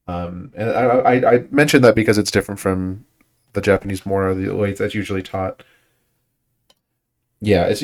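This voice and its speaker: Speaking in a lowish, darkish voice, a man runs a language study group and talks through pronunciation casually. He thinks out loud, often starting sentences over and leaning on fillers.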